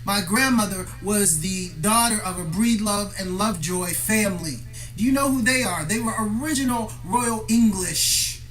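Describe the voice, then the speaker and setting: A man with a bright, cutting tone that never softens, working through a long confrontational rant. He talks straight at the viewer, swearing freely and airing his grievances. Faint music plays somewhere behind him. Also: high voice, moderate pace. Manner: profane, aggrieved, confrontational. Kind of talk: ranting monologue to camera.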